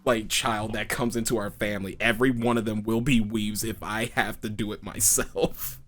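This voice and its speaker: A man's voice: lowish voice, steady tone, normal speed, a bit bright, soft background music. A man hosting a casual interview, laid-back, swearing freely and laughing often. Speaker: podcast host.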